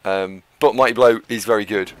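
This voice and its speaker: A man's voice: on the low side, fairly even intonation, moderate pace, clear, resonant tone. A man co-hosting a live stream, casual and laid-back, thinking aloud. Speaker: stream co-host.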